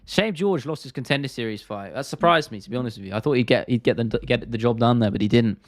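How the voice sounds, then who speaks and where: A man's voice: medium pitch, fast talker, no room sound, studio quality. A man with a South London accent hosting an MMA live stream, chatting casually and bluntly while reading viewer comments. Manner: chatty, blunt, swears freely, drops T's.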